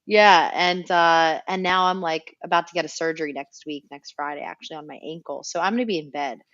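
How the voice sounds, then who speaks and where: A woman's voice: sits low, steady tone, a little fast, fairly bright tone, no echo, highs cut off. A woman co-hosting a morning talk show in a bubbly, chatty way. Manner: bubbly, chatty, uses "like" a lot. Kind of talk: casual chat.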